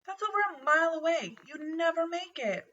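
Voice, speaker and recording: A woman's voice: sits high, lively intonation, fairly quick, bright, forceful tone, husky, voice pushed up, full character voice. Woman reading as a skeptical young boy. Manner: skeptical, wondering. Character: doubtful, careful young boy. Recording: dull, distant home recording.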